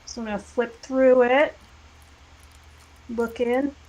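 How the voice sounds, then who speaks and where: A woman playing in a tabletop game, calmly stating what her character does. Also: on the high side, slow pace, rough recording. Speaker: player. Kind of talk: casual tabletop play.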